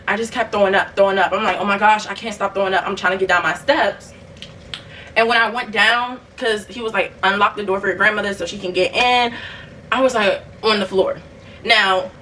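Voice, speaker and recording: A woman's voice: mid-range voice, recorded from a distance, a little hiss or hum, rough recording. Chatty young woman telling a storytime. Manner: animated, chatty, addresses viewers as y'all. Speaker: vlogger. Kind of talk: casual storytime while cleaning. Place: bedroom at home.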